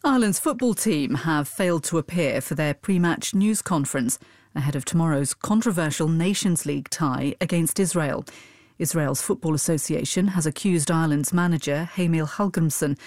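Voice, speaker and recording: A woman newsreader reading a formal news bulletin in a measured, even delivery. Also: low-pitched, no echo, studio quality. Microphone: studio microphone.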